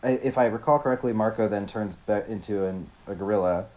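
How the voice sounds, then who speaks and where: A man's voice: on the low side, a little fast, dark tone. A man co-hosting a podcast, casually recapping a book with wry, profane humor. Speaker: podcast co-host.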